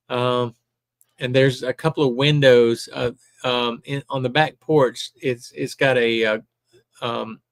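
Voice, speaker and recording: Halting older man on a live stream. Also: medium pitch, a bit bright, no room sound, studio quality. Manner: halting, lots of ums and uhs. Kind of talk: casual live-stream chat.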